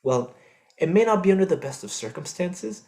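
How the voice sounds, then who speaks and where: A man's voice: sits high, expressive, normal speed, darkish tone. A young man playing a furious teenage son. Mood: bitter. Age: young adult. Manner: swearing, accusing, slips into Spanish words. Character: furious eighteen-year-old son confronting his cheating father. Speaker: stage actor. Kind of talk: live student stage drama. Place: theatre stage.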